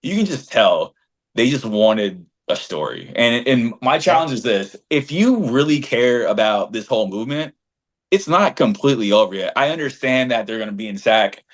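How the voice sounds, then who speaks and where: A man's voice: medium pitch, big pitch swings, normal speed. A man co-hosting a casual fan podcast, swinging his voice up and down as he tells a story. His talk is slangy and emphatic, full of restarts and asides. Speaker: podcast co-host and fan group leader.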